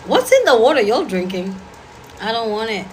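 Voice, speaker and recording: A woman's voice: a little high, very animated, slight background noise, low-quality recording. A woman giving blunt, sassy dating advice in casual talk to an audience. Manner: blunt, sassy, rapid-fire.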